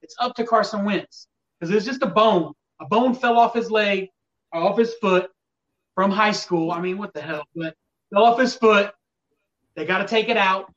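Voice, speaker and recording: A man's voice: high voice, moderate pace, fairly bright tone, distant mic, highs cut off. A man co-hosting a casual sports talk show, rambling and exasperated about his team's fans. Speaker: podcast co-host.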